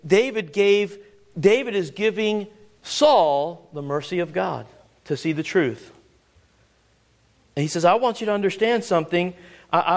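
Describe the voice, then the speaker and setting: Male preacher with a high voice, emphatic sermon delivery that stumbles over repeated words, reads scripture aloud. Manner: reads scripture aloud in old-fashioned wording.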